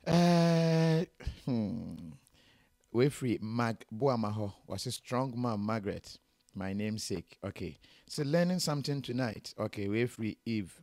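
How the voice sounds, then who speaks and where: A man's voice: mid-range voice, expressive, measured pace, a little mellow, no room sound, studio quality. A man with a Ghanaian accent, interviewing a guest in a casual, hesitant way with many fillers.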